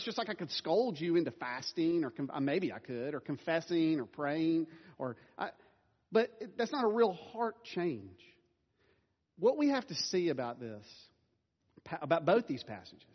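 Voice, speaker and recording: A man's voice: a little high, big pitch swings, a little slow. A middle-aged man preaching a sermon as a pastor, casual and self-deprecating, laughing now and then. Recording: dull sound with long hall reverb.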